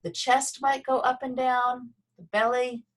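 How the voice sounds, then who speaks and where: A woman leads a slow, gentle movement and voice lesson. She speaks over a video call, pausing between cues. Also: sits high, flat delivery. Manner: gentle, slow guiding with pauses. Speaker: Feldenkrais movement instructor.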